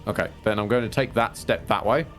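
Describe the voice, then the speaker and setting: A man's voice: on the low side, fairly quick, fairly bright tone, soft background music. A man playing a tabletop game, describing his character's moves in a chatty, wry way with laughing asides. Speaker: player. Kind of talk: casual tabletop play.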